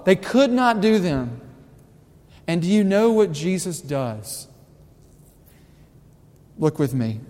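Preacher, echoing hall. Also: male voice, fairly high pitch. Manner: conversational preaching with rhetorical questions and sudden loud emphasis. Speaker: pastor. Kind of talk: sermon. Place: church sanctuary. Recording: reverberant hall.

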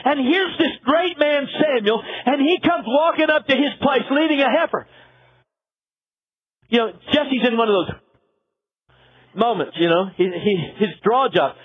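A man's voice: high-pitched, lively intonation, moderate pace, slightly rough. A man pastor preaching a sermon, telling a biblical story with dramatic flair and acting out the characters. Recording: tinny phone-like sound.

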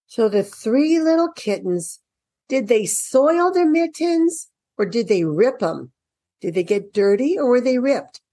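A woman educator talks parents through children's reading workbooks, chatty and thinking out loud. Her voice is lively and melodic but unhurried. It sounds dry and close, with no room echo. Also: mid-range voice. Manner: chatty, thinks aloud, sing-song when reading to children. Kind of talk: casual instructional walkthrough. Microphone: computer mic during an online screen share.

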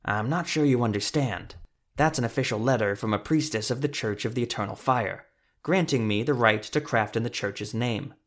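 A man's voice: mid-range voice, normal speed, lightly acted. A man voicing an earnest wary craftsman. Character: young male craftsman, wary, polite, nervous.

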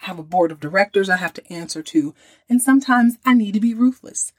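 A woman's voice: medium pitch, lively intonation, fast, no room sound, studio quality, lightly acted. A woman speaking as a proud, ruthless tycoon who brags and dismisses everyone around him. He talks like a man used to winning. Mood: boastful. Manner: boastful, dismissive. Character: ruthless proud middle-aged male tycoon.

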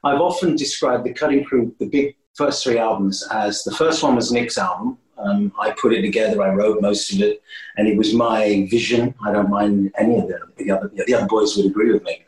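Animated male storyteller in an echoey room. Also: fairly quick. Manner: animated, swooping pitch, frequent restarts. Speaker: guest musician. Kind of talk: casual interview storytelling. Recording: roomy echo.

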